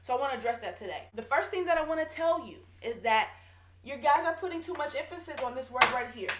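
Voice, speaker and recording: A woman's voice: high voice, expressive, brisk, a little hiss or hum. A woman business coach giving direct, emphatic advice in a casual video lesson. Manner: direct, emphatic, self-correcting. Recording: echoey room.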